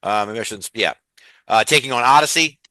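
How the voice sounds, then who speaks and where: This wrestling podcast host speaks with a Southern US accent, firing off show news cheerfully and conversationally with frequent laughter. The voice is medium-pitched and sharp, a little quick, and free of echo.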